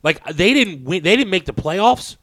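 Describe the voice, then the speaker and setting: A man's voice: sits high, lively intonation, moderate pace, fairly bright tone, dry recording, studio quality. A man co-hosting a casual podcast, explaining things in a chatty way full of "like". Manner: chatty, explains at length with many "like"s. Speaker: podcast co-host.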